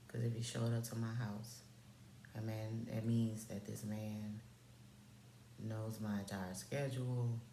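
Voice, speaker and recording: A woman's voice: rumbling low, a little mellow, echoey room, a little hiss or hum. A woman telling a personal story to the camera in a candid vlog, blunt and profane, with slangy asides to the viewer. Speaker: vlogger.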